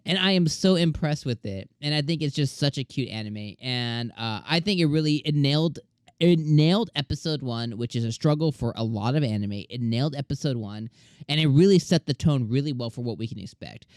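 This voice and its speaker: Young male host, slightly high voice, dry close sound, chatty slangy delivery. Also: brisk, dry recording. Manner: animated, chatty, full of fillers and slang. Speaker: anime review host. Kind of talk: casual solo review.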